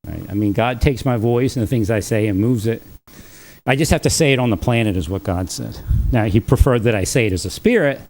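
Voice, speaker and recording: A man's voice: on the low side, brisk, a little mellow. A man talking alone on his livestream, rambling and chuckling often between thoughts. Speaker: livestream host. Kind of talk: rambling solo livestream talk.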